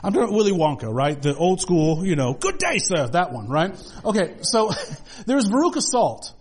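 A man with a notably high voice preaches to his congregation in church. He talks in a loose, conversational way and drops in humorous asides. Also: very animated, moderate pace, a little mellow. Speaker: pastor. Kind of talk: sermon.

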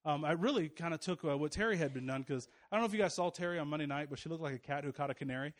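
Man, pastor, high voice, chatty sermon, jokey, restarts and fillers. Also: rapid-fire. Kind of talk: casual sermon to a congregation.

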